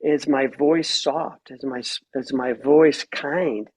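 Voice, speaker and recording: A man's voice: mid-range voice, slow pace, few pauses, breathy edge. A middle-aged man, a therapist and author, talking in a podcast interview and acting out quoted lines in his stories. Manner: animated storyteller who acts out quoted voices.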